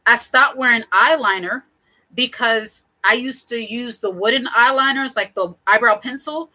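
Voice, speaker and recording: Middle-aged woman host, chatty and digressive, bright higher voice, casual advice to camera. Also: moderate pace, rough recording. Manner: chatty, digressive, laughs often. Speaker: channel host.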